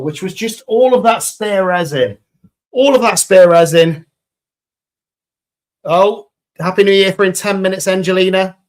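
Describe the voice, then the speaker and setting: A man with a British accent chatting enthusiastically on a live stream while demolding resin pieces, a little croaky after hours of talking. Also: high-pitched. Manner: chatty and enthusiastic, greeting viewers.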